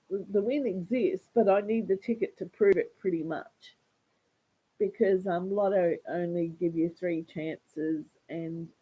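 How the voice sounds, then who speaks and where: A woman vlogger talking in a rambling, halting livestream monologue, often repeating words. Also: lowish voice, breathy edge, phone-quality sound.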